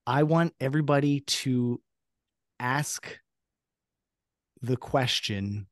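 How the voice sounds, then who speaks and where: Male guest, earnest motivational speaker, unhurried delivery, dry recording. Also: medium pitch, no room sound. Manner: earnest, motivational, repeats key phrases. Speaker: podcast guest. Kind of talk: casual interview chat.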